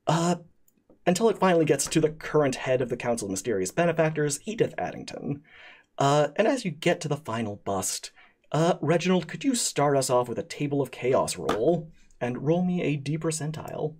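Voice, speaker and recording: A man narrating as game master of a streamed tabletop game, pausing often with fillers and restarts. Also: fairly high pitch, big pitch swings, darkish tone, breathy edge. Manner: halting, many fillers and restarts. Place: streaming setup.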